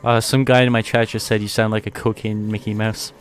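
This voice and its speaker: A man's voice: on the low side, flat delivery, brisk, smooth. Playful self-mocking male streamer. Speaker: streamer, host. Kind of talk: casual gaming chat.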